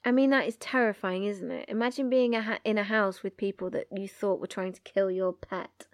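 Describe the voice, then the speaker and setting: A woman's voice: medium pitch, fairly even intonation, a little fast, dry recording, studio quality. A woman co-hosting a book podcast, recapping chapters and reading passages aloud with character voices. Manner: reads dialogue in character voices.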